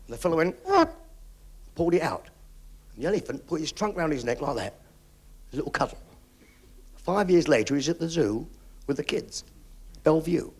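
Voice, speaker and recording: A man telling stand-up jokes with lively punchline delivery, on a 1970s television recording. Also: a little high, husky. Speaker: stand-up comedian.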